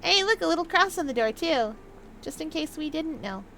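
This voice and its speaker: Chatty, bright-voiced young woman gamer. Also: high-pitched, expressive, normal speed, a little hiss or hum. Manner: chatty, playful, reads in-game notes aloud in a mock old-timey voice. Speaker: gaming video host. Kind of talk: casual let's-play commentary.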